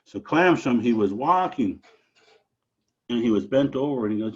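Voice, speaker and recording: A man from Alaska telling a traditional story aloud, animated, with dramatic rises and drops. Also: mid-range voice, normal speed, slightly rough, highs cut off.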